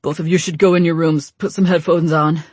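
A woman voicing a frantic young man, pleading urgently in a husky voice. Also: deep voice, little pitch movement, fairly quick, darkish tone, no room sound.

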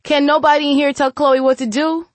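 A woman puts on a grieving young man who won't let his sister give up, talking blunt street slang. His voice is raised, loud and pressing. The reading is dry and close, with no room around it. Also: mid-range voice, moderate pace, no room sound, pitched above the performer's own voice, lightly acted. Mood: exasperated. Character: tough young man, grieving protective older brother.

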